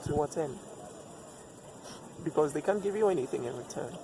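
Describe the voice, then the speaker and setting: A man's voice: on the high side, normal speed. A man giving relationship advice in a reflective personal monologue, repeating himself for emphasis and asking rhetorical questions. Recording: steady background noise.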